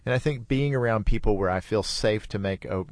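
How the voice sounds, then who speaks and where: A middle-aged man with a somewhat low voice, telling a long story in a relaxed and chatty way. He laughs easily as he talks. The sound is dry and close, with no room echo. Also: brisk. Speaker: podcast host. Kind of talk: casual storytelling.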